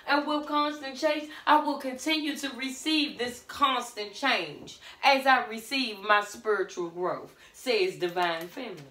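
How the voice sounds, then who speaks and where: A woman gives a casual tarot reading in a sassy, blunt way, full of pet names for the listener. Her voice is bright and fairly high. She sits a little away from the mic in a roomy, echoey space. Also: measured pace, few pauses, far from the mic. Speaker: tarot reader.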